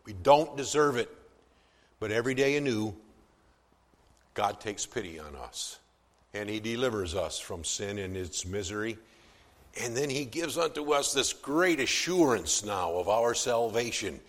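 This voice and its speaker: A man's voice: on the low side, lively intonation, unhurried. Male pastor preaching in a reverberant church. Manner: swells from soft to loud for emphasis, with some stammered restarts. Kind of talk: sermon.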